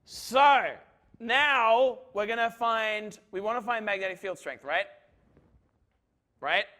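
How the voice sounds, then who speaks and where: A man's voice: high voice, takes it slowly, sharp tone. A man giving a university physics lecture, chatty and joking, checking in with "right?" as he works through equations. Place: lecture hall.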